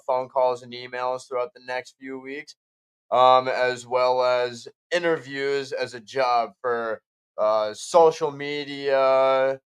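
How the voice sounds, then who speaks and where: A man's voice: mid-range voice, clean tone. A man on a radio show's staff, speaking casually and hesitantly with many fillers. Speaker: show staff member. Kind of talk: casual radio talk show chat.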